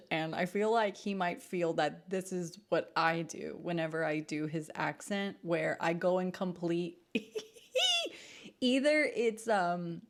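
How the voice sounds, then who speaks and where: A woman hosting a musical theatre reaction video, chatting in a bubbly, friendly way and laughing easily. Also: on the low side. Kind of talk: casual reaction commentary.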